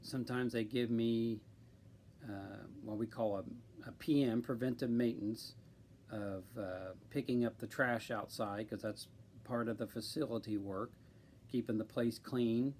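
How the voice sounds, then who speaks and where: A man from central Illinois, chatting casually on a live stream and speaking slowly and deliberately with many ums. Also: medium pitch, steady tone, darkish tone, slight background noise. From central Illinois, USA.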